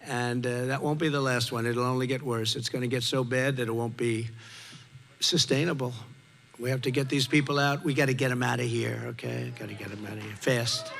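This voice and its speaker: A man's voice: mid-range voice, fairly even intonation, a little fast, gravelly, fairly bright tone, a little hiss or hum. An older man giving an off-the-cuff campaign rally speech into a podium microphone, repeating short emphatic lines. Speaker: political candidate. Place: large rally venue before a crowd. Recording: reverberant rally PA, faint crowd.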